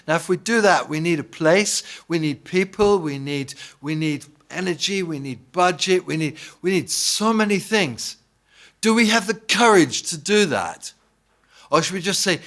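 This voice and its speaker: Male preacher from England, slightly high pitch, chatty anecdotal sermon delivery. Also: a bit bright. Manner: anecdotal, conversational, asks the congregation "yeah?"; acts out quoted dialogue. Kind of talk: informal sermon.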